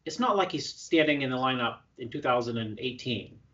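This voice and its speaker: A male coach in a casual interview, telling stories in an animated, excitable way with many restarts. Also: mid-range voice, a little fast, recorded from a distance, dull audio. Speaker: prep coach.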